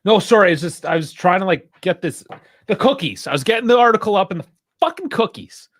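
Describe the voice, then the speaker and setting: A man's voice: high-pitched, lively intonation, fairly quick, fairly bright tone. A man co-hosting a casual football podcast, joking and swearing in loose banter. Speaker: podcast co-host.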